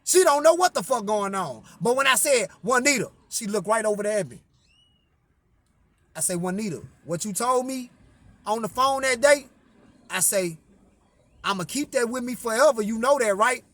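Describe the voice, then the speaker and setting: High-voiced man telling a story, profane. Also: lively intonation, normal speed, long pauses, fairly bright tone. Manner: repeats "I say" to frame quotes, emphatic.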